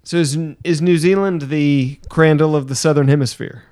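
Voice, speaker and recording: A man co-hosting a podcast, joking dryly in casual banter and often halting with fillers. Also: a little high, fairly even intonation, a little mellow. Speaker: podcast co-host.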